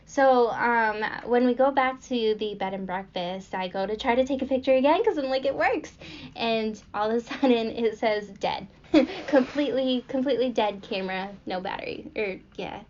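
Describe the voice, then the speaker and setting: Young woman podcast host, rambling and giggly, slightly high voice, dull lo-fi sound. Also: moderate pace, few pauses, a little mellow, a little hiss or hum. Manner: rambling with frequent fillers and giggles. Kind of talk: casual storytelling. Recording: dull lo-fi recording.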